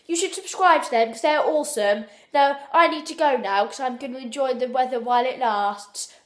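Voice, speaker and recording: A woman's voice: high voice, fairly quick, fairly bright tone. A woman with an English accent giving an over-enthusiastic outro message to a vlog channel. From England. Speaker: viewer sending a channel outro.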